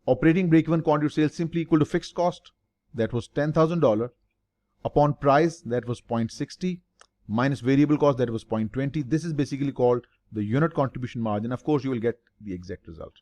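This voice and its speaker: A man's voice: medium pitch, fast talker, darkish tone. A man lecturing as a finance tutor, stressing and repeating key terms and answering his own questions. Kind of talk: lecture explaining break-even analysis.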